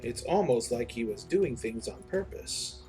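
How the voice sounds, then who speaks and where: A man's voice: medium pitch, expressive, unhurried, dark tone, soft background music. A man narrating a tabletop game as game master, playful and dramatic, cursing now and then.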